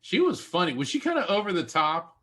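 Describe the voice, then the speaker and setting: A man doing a live psychic reading on a talk show, playful and animated. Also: high-pitched, brisk, slightly rough. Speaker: psychic medium.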